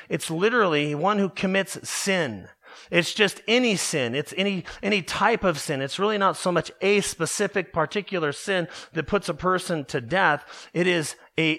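A man's voice: fairly high pitch, pushed and bright. A man preaching an earnest, emphatic expository sermon, explaining the grammar of a verse to his congregation. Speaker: pastor.

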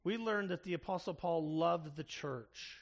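A pastor delivers a sermon earnestly and steadily. His voice is a little high for a man, with a gravelly fry, and he slows right down to put heavy stress on the words that matter.

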